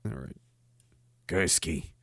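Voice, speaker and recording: A man speaks slowly in a pushed, bright voice while hosting a casual livestream as a podcast host reading chat. He rambles, swears, and bursts into sudden mock outrage. No echo, studio-quality sound.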